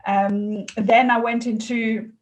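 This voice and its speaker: A middle-aged woman from France with a French accent, speaking as an interview guest in an earnest, animated way, often laughing between phrases. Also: fairly high pitch, takes it slowly, poor audio. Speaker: guest, customer experience consultant. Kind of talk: interview conversation.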